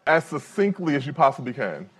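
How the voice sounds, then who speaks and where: A man moderates a conversation before a live audience. His voice is slightly husky and sits at a medium pitch. He talks haltingly, stringing his questions together with fillers. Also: sing-song. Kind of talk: moderating a public event. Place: event room with live audience.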